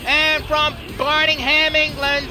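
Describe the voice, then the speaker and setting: A man's voice: extremely high pitch, level tone, slow pace, voice pushed up. A man with an Australian accent playing a wrestling ring announcer, stretching out names in bellowing introductions over game music. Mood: grandiose.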